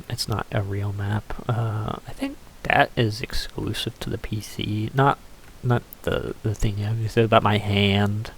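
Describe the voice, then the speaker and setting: Gravelly, offhand man chatting over a game. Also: fairly low pitch, slight background noise. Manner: rambling, offhand, swears casually, many fillers. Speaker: gameplay commentator. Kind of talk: casual gameplay commentary.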